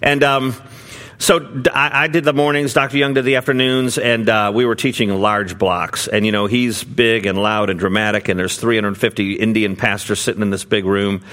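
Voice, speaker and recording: A middle-aged pastor delivers a sermon in a relaxed, conversational style, telling a story full of fillers and restarts. His voice sits on the low side and moves at a moderate pace.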